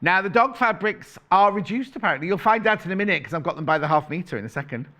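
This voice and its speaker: Bright, lively shopping-channel man. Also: sits high, fast talker. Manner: chatty, playful, self-correcting, reads out prices. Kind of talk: live TV sales patter.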